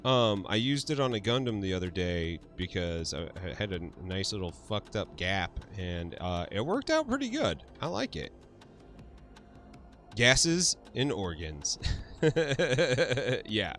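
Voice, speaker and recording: A man's voice: fairly low pitch, very animated, slow pace, fairly bright tone, faint music behind. A man hosting a casual livestream, laughing often, swearing freely and answering his chat. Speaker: livestream host.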